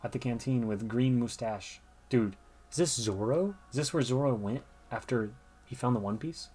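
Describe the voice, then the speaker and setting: A man's voice: mid-range voice, moderate pace, a little mellow, slightly rough. A man giving chatty gameplay commentary, thinking aloud as he plays. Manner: chatty, thinks aloud, reads game dialogue. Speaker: gamer.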